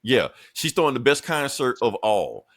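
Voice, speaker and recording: A man's voice: mid-range voice, big pitch swings, normal speed, fairly bright tone, no echo, clean studio sound. A man co-hosting a podcast, recapping comic books in a laid-back, profane, joking way. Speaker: podcast co-host. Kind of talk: casual comic book chat.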